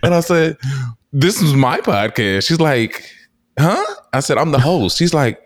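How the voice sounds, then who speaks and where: A man hosting a podcast, chatting casually as a guest and telling stories with lively, high-pitched quotes. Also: a little slow, no echo, studio quality. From Texas. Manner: animated storyteller, acts out quotes in high voices. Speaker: podcast host. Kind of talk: casual interview chat.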